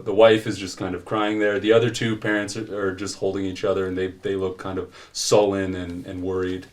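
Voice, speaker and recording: Brief: low-voiced male game master, casual scene-setting narration. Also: little pitch movement, brisk, few pauses. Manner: loose, filler-heavy narration.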